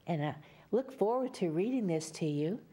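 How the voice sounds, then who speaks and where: A woman's voice: lowish voice, animated, normal speed, dark tone, breathy edge. A woman from Louisiana with a Louisiana accent, reading a story aloud to young children in a sing-song, coaxing way.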